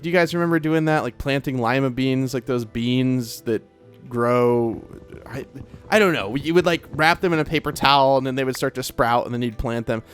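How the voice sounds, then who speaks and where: A young man chats casually as he plays, wandering through a story from his school days with plenty of filler words. His voice sits at an everyday middle pitch, with soft music playing quietly behind him. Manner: rambling, laid-back, full of "like" and "bro". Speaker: gaming streamer.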